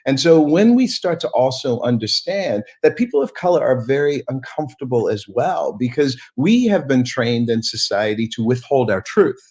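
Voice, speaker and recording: Earnest, measured male presenter. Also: medium pitch, very animated, darkish tone, husky. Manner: measured, earnest, halting repetitions. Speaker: presenter in an archived video. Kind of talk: interview talk.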